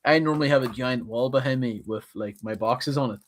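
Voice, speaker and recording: A man's voice: medium pitch, brisk. A man co-hosting a livestream, chatting casually in a jokey way. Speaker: livestream co-host. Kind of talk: casual chat.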